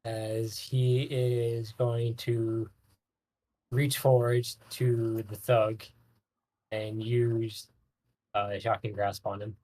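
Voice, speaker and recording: Slow, flat-voiced male player. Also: medium pitch. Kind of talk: playing a tabletop game.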